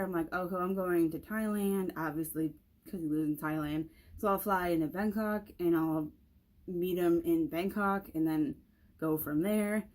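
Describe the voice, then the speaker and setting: A woman's voice: fairly low pitch, fairly even intonation, measured pace, a little mellow. A young woman telling a casual storytime vlog, rambling with lots of "like" and restarts. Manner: rambling, many "like" fillers and restarts. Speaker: vlogger.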